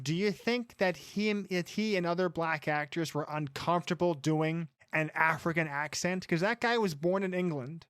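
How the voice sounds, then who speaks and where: A man's voice: sits high, a bit bright, no echo, studio quality. A man co-hosting a casual film-review podcast, wryly summarizing scenes. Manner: wry, summarizing scenes, doing character voices. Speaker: podcast co-host.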